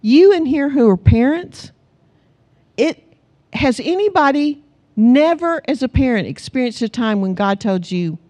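A woman's voice: high voice, unhurried. A middle-aged woman preaching a sermon, telling family stories with laughter and calling the congregation to answer amen. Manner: animated storytelling, calls the congregation for amens; laughs often as she tells stories.

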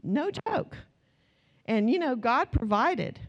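A middle-aged American woman preaching to her congregation in a fairly high voice. She talks like she's telling stories to friends, then presses her points with slow, emphatic repetition. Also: very animated, lo-fi sound. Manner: storytelling, conversational, rising to emphatic repetition. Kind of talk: sermon.

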